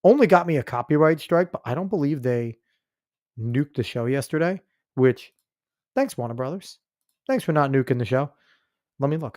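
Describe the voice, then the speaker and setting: A man's voice: medium pitch, creaky, a little mellow. A male podcast host who reads news stories aloud and keeps breaking off into heated, mocking rants full of swearing. His voice sits close on the mic in a dry, dead room with no echo. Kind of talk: ranting news commentary.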